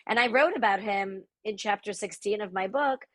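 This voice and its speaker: A woman's voice: mid-range voice, moderate pace. A woman from the Soviet Union whose first language is Russian, a podcast guest speaking in a thoughtful, searching way. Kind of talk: reflective conversational interview.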